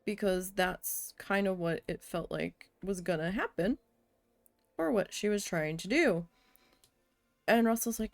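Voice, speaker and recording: A woman streaming a building game, telling a story in a casual, venting way with a lot of swearing, and muttering quietly to herself while she builds. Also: medium pitch, unhurried, pauses often, no echo. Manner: chatty venting with frequent swearing.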